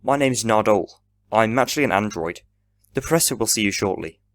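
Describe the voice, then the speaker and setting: A man's voice: fairly low pitch, expressive, a little fast, no echo, close to an everyday voice. A man reading as a matter-of-fact android helper. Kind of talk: fan audio drama reading.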